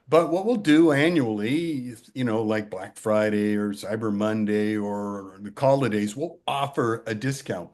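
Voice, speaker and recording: A man who sells a product, explaining his pricing to a group in a measured way. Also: medium pitch, darkish tone. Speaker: product vendor. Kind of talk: casual pitch to a group.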